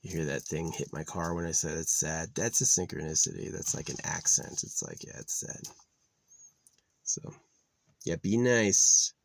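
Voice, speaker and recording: A man's voice: rumbling low, steady tone, normal speed, creaky. A man vlogging outdoors in a rambling, profane, casual monologue that trails off into mutters. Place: outdoors in nature.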